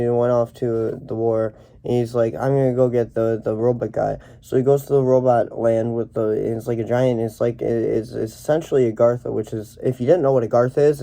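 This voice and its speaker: A young man rambling through a deadpan parody movie review, full of halting restarts and fillers. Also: mid-range voice. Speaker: comedic reviewer.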